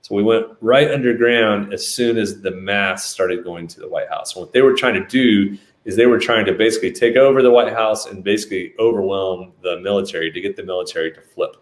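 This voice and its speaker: Low-voiced man, animated storyteller, roomy echo. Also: brisk, few pauses. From United States. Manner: animated, acts out quotes. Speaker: business leader telling a story. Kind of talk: storytelling talk.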